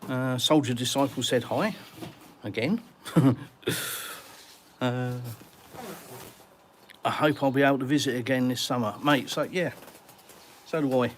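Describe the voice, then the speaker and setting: A man's voice: mid-range voice, fairly even intonation, measured pace, pauses often, slight background noise. A middle-aged Englishman chatting casually on a live stream, reading viewer comments and calling people mate. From England.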